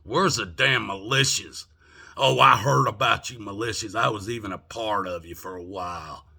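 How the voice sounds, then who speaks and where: A man's voice: on the low side, moderate pace, gravelly, bright, forceful tone, breathy edge. An older man ranting angrily from home, profane and indignant, firing off rhetorical questions. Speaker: vlogger. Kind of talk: angry political rant.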